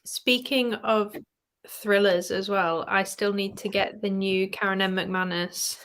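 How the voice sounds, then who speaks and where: A relaxed woman chats as a guest on a casual reading livestream. She is friendly and laughs easily, with a voice of ordinary pitch. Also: measured pace. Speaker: guest book reviewer.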